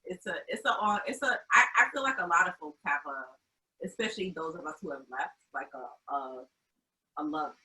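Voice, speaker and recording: A woman's voice: deep voice, expressive, moderate pace, sharp tone, poor audio. A woman from Albany, New York, a founder who is a guest in an interview, speaking thoughtfully and frankly with many fillers. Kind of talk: casual conversational interview.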